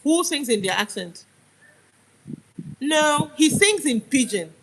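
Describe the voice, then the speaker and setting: A woman's voice: high voice, very animated, slow, low-quality recording. Emphatic Nigerian woman ranting live. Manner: emphatic, argumentative, repeats points. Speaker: live streamer. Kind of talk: heated live-stream rant.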